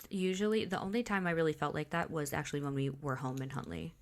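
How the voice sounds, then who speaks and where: A woman's voice: deep voice, steady tone, fast. A woman in her thirties from Illinois, co-hosting a podcast in casual chat, candid and swearing freely with lots of fillers. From Illinois, USA. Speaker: podcast co-host.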